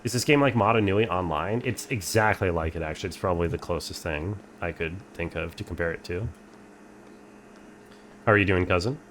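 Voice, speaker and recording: A man's voice: deep voice, fairly quick, fairly bright tone, slight background noise. A young man streaming a game, reading its text aloud and chatting dryly with viewers. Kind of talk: casual game playthrough commentary.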